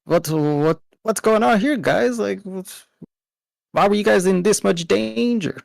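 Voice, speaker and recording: Man playing a city boy faking country talk, high strained voice, gravelly edge, awkward accent. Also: unhurried, dry recording, exaggerated voice. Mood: puzzled.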